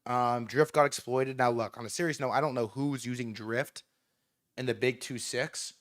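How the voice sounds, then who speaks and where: A man hosting a casual livestream from outdoors, excitable and profane, rambling with many restarts. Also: mid-range voice, normal speed. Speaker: livestream host. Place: outdoors in New York City.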